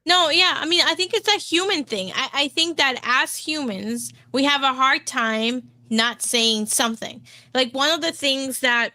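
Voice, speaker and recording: Bright-voiced woman, dry room. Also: high-pitched, a little slow, few pauses, dry recording. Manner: chatty, filler-heavy, agreeable. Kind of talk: casual podcast chat.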